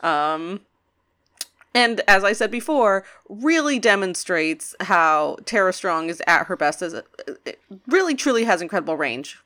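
A woman's voice: lowish voice, expressive, unhurried, bright, forceful tone. A woman co-hosting a podcast, joking and chatting enthusiastically while recapping a cartoon episode. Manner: playful, jokey, enthusiastic asides. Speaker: podcast co-host.

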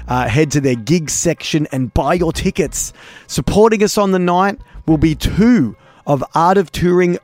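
Young Aussie male host, relaxed and joking, dry studio sound with light music under. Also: on the high side, dry recording. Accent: Australian. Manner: laid-back, jokey, laughs often. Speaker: podcast host. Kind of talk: casual podcast outro and chat.

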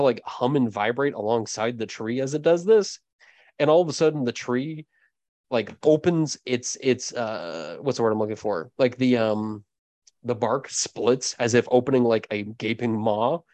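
A man's voice: medium pitch, darkish tone, no room sound. A man narrating as game master of a tabletop game, casual and rambling with fillers. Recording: dull dry lo-fi mic.

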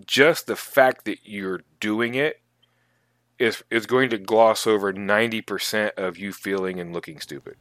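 A man co-hosting a casual podcast, talking in animated, emphatic bursts. His fairly low voice has a bright, forceful edge. The recording is dry, with no room sound. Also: measured pace, no echo. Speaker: podcast co-host. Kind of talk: casual chat about tabletop gaming.

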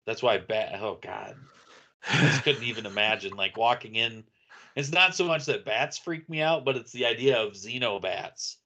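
A man co-hosting a casual movie chat, rambling and animated, laughing at his own jokes. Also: medium pitch, normal speed. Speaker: podcast co-host.

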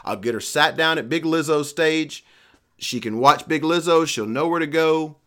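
A middle-aged man telling a long, profane story in casual chat, animated and playful. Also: fairly high pitch, moderate pace.

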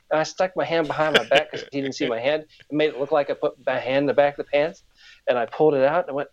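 A man's voice: a little high, quick pace, muffled recording. A man hosting a podcast, telling childhood stories in casual chat and animating the dialogue. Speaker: podcast host.

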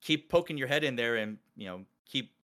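A man hosting a casual group call, talking excitedly and rambling with many restarts. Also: mid-range voice, fairly quick. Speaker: podcast host and collab organizer.

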